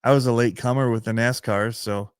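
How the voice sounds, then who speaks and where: A man's voice: medium pitch, fairly even intonation, brisk, smooth, no echo, studio quality. A middle-aged man with a Michigan accent, hosting a podcast in a rambling, self-deprecating way and laughing often. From Michigan, USA. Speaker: podcast host and RC channel creator. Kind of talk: casual podcast chat.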